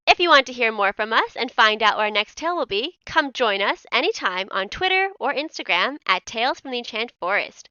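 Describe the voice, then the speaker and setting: A woman's voice: a little high, sharp tone, clean tone, no room sound, muffled recording. A woman co-hosting a storytelling podcast, chatting casually, bubbly and laughing often. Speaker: podcast co-host. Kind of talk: casual chat.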